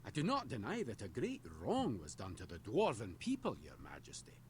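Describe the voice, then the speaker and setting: An actor playing a loyal young clanless dwarf in a video game, speaking earnestly and respectfully. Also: male voice, fairly low pitch, moderate pace, slight background noise. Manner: hesitant, then steady and earnest.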